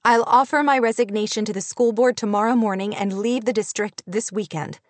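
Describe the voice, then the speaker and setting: A woman's voice: medium pitch, brisk, dry recording, close to an everyday voice. A woman voicing a young schoolteacher near tears, sobbing and raising her voice, in an audiobook reading. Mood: hurt, resolute. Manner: tearful, sobbing, raised voice.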